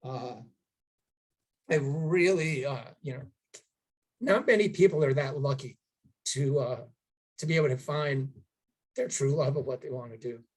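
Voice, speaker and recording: A middle-aged man, emotional, telling a heartfelt family story at a tribute, halting with many fillers. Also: medium pitch, rough recording. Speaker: son giving a memorial tribute. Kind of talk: personal storytelling at a gathering.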